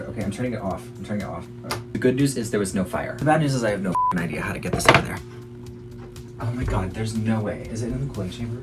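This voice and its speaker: A man in his twenties chatting casually in a vlog while baking at home, chatty and self-mocking, swearing freely. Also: fairly low pitch. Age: 20s. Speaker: YouTuber.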